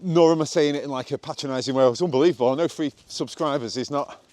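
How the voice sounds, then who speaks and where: A man's voice: fairly high pitch, fast talker, darkish tone. A man vlogging on a country walk outdoors, chatty and self-mocking, filmed on a handheld camera while walking. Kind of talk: rambling walk-and-talk vlog.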